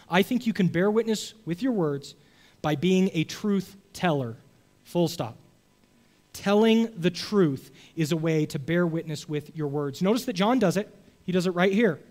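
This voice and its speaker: A high-voiced man preaching a sermon. He talks conversationally and keeps checking in with his listeners. He swings between loud, emphatic stretches and quiet asides. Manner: conversational, checks in with "okay?" and "right?". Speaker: pastor.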